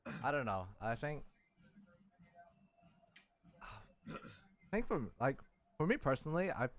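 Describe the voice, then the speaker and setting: A man's voice: mid-range voice, sing-song, a little slow. A man hosting a casual chat, rambling and repeating himself, swearing and laughing often. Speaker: podcast host.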